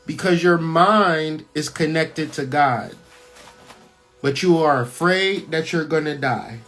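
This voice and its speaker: A man's voice: a little high, a bit bright, faint music behind. A man hosting his own channel, giving blunt, profane spiritual commentary on a scripture reading, hammering points home with repetition. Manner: blunt, profane, preaching-style emphasis; repeats phrases for emphasis, slows on key words. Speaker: channel host.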